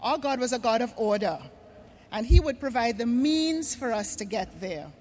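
A woman from Trinidad and Tobago gives an earnest stage address to a huge arena crowd, slowing down to stress key words. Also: fairly high pitch, lively intonation, a little mellow. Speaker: conference speaker. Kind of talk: stage address on faith and creation care. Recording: long reverb of a large arena.

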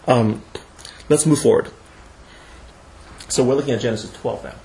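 A man teaching a class, his delivery animated and full of false starts and repeated words. He chuckles now and then as he makes his points. A faint hiss sits behind his voice. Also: mid-range voice, gravelly, poor audio. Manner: animated, halting with frequent restarts; chuckles while explaining. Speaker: lecturer. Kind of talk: classroom lecture.

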